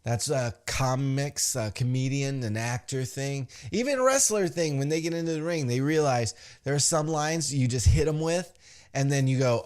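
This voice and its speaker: A man's voice: mid-range voice, normal speed. A man hosting a podcast, recapping a wrestling show in a casual, profane way and acting out the quotes. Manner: animated, acts out quotes in put-on voices, swears freely.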